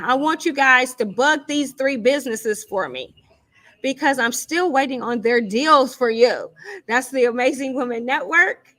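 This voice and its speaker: A woman's voice: sits high, fairly bright tone. A woman hosting a live show, chatty and self-teasing, reading out deals and events and thinking aloud as she goes. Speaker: show host. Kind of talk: casual live-stream announcements. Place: lounge studio.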